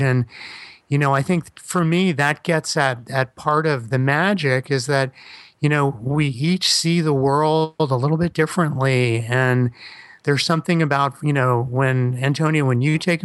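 A man's voice: on the high side, dry recording. A man from Miami co-hosting a casual podcast, talking with enthusiasm and many restarts. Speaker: podcast co-host.

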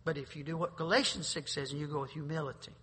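A man pastor preaching a sermon, swinging between loud bursts and quiet asides. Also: on the high side, steady tone, fast, husky. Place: church sanctuary. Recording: long reverb of a large hall.

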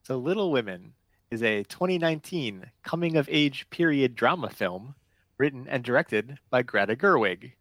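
A man's voice: mid-range voice, lively intonation, moderate pace, fairly bright tone, no room sound. Dry-sounding man hosting a casual podcast. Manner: rambling, self-correcting, unsure. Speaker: podcast host. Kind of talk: casual chat.

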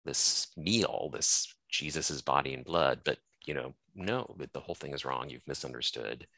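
A man's voice: very deep voice, moderate pace, vocal fry, bright, forceful tone, no echo. A male scholar explaining ideas from his book in a thoughtful, hedging way, with many fillers and restarts. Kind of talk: conversational explanation.

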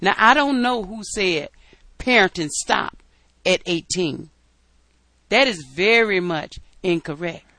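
A woman's voice: mid-range voice, animated, takes it slowly, sharp tone, no echo. A middle-aged woman, the host's mother as a guest, arguing her point firmly in a casual debate. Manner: firm, insistent.

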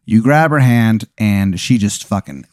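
Male comedy host, deadpan storyteller, dry studio sound. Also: on the low side, no echo. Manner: deadpan, drawn-out narration with sudden absurd turns. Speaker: podcast host telling an improvised story.

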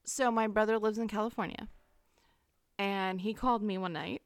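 A woman's voice: mid-range voice, steady tone, normal speed, clean tone, dry recording, studio quality. A woman co-hosting a podcast, telling a story in a playful, laughing way. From Kansas. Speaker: podcast co-host. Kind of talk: casual chat.

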